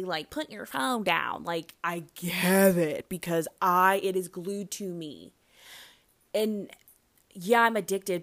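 A fairly low-pitched woman in her thirties rambles through her solo podcast, full of fillers and self-corrections and punctuated by abrupt, loud bursts of excitement.

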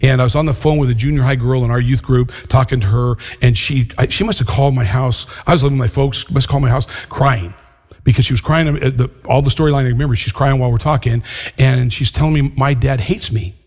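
An older man preaching a sermon as a pastor, earnest and deliberate, slowing down to stress key words. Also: medium pitch, fairly even intonation, a little mellow. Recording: long hall reverb.

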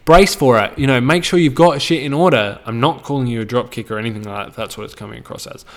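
A man's voice: medium pitch, fast. An Australian man hosting a podcast, ranting casually with blunt, heavy swearing and a preachy tone. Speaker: podcast host.

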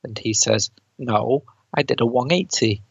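A man's voice: mid-range voice, a little slow, gravelly, husky, dry recording. A man co-hosting a film review podcast, casually retelling scenes with frequent laughs and quoted lines. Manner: laughs often while recounting scenes, quotes lines in put-on voices. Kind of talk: casual chat, retelling a plot. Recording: dull, dry close mic.

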